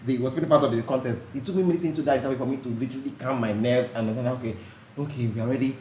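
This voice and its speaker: A podcast host tells stories animatedly during casual podcast chat, laughing often. His mid-range voice races, and the room is echoey with faint noise.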